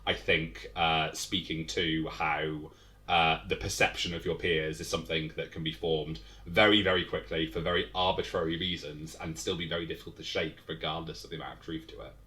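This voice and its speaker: A young man with a very low voice that still sounds bright and forward. He answers interview questions thoughtfully, pausing on fillers and restarting his sentences as he works his ideas out. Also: little pitch movement. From England. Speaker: game designer guest. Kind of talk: casual interview chat.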